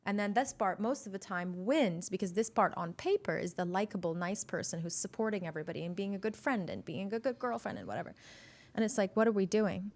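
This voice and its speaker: A woman hosts a podcast and talks openly about her own patterns. Her voice sits at an ordinary pitch, and her speech is casual and reflective. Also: animated, fairly quick, darkish tone. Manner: candid, self-reflective, casual. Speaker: podcast host. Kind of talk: podcast interview.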